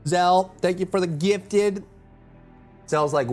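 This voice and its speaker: A man's voice: high voice, slow pace, darkish tone, faint music behind. A man streaming live, chatting casually with his viewers, rambling and humming or muttering to himself between thoughts. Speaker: full-time streamer.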